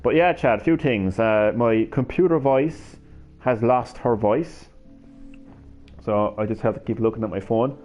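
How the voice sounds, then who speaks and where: A man's voice: medium pitch, a little slow, a little mellow, faint music behind. A man chatting to viewers on a live stream, rambling, stammering and swearing casually as he swings between hyper and drowsy. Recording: slightly dull lo-fi stream audio.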